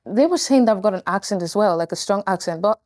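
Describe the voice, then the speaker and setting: A teenage girl with a Northern Irish accent, co-hosting a casual talk show in a relaxed, chatty way. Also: medium pitch, fast talker, dry recording, clean studio sound. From Nigeria. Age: teens. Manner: relaxed, chatty, many short agreements. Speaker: teen talk show co-host. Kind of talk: casual chat.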